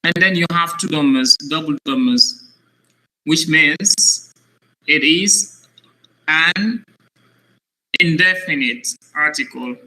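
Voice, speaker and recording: A man teaching an Arabic lesson to a child, patient and slow, repeating each word to drill it. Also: on the high side, sharp tone, rough recording. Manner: patient, repeats words slowly to drill them. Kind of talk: one-on-one language lesson for a child.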